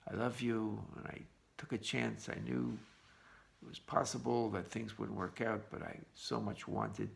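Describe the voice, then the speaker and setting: A man's voice: lowish voice, creaky. A man doing a pleading young groom. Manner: pleading, halting.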